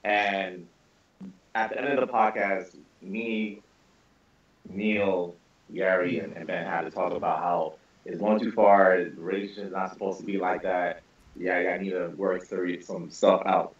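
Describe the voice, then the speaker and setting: A man's voice: low-pitched, fairly even intonation, unhurried. A man on a casual group podcast who tells a story with lots of energy, stammering, repeating words and swearing freely. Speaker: podcast panelist. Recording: roomy, distant, dull lo-fi call audio.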